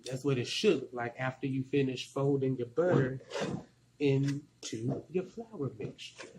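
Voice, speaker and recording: A man's voice: medium pitch, fairly even intonation, unhurried, heavy background noise. Chatty Southern man in an echoey kitchen. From Arkansas, US South. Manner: chatty, rambling, colloquial. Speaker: cooking vlogger. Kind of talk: casual cooking tutorial. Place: home kitchen.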